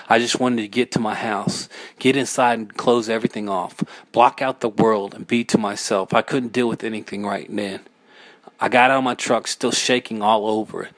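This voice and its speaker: A man reading his own first-person horror story aloud, frantic, sometimes breaking into yells. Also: fairly low pitch, dry recording.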